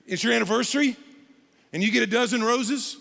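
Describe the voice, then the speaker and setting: A man preaching a sermon as pastor, animated, often shouting and acting out voices. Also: very high-pitched, fairly quick, gravelly, long reverb tail.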